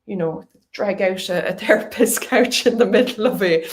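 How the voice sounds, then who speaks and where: A woman's voice: mid-range voice, moderate pace. A woman giving a conversational presentation talk, with fillers and light laughs. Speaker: speaker.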